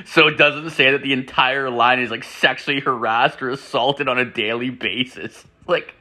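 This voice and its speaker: A man telling crude stories in a casual ramble, swearing constantly and filling every pause with "like". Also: medium pitch. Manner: rambling, profane, full of "like" fillers; animated, jumps into acted-out quotes. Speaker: podcast host.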